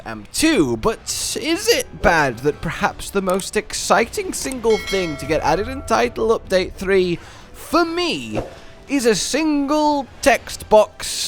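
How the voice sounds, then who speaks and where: Animated man talking game lore. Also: a little high. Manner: playful, jokey wordplay, animated. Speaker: gaming video host.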